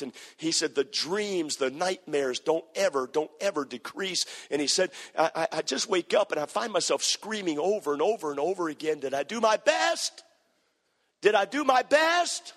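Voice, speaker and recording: Impassioned preacher in a reverberant hall. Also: male voice, fairly high pitch. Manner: impassioned, repetitive, rising to shouted climaxes. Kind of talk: sermon storytelling.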